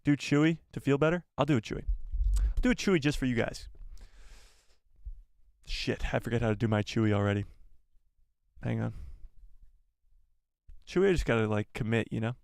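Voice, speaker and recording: A man's voice: medium pitch, moderate pace, vocal fry, pauses often, darkish tone, no room sound, studio quality. Playful man hosting a live stream. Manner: playful, self-mocking, joking with chat. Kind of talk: casual live-stream chat.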